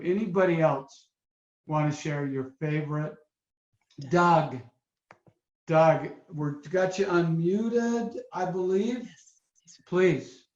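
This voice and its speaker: A man hosting a motivational webinar as a coach, telling stories in a lively, upbeat way over a video call. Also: sits high. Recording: roomy, dull lo-fi webinar audio.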